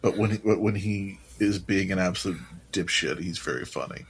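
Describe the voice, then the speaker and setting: A man's voice: sits low, moderate pace, a little hiss or hum. Emphatic, profane podcast co-host man. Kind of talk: casual chat.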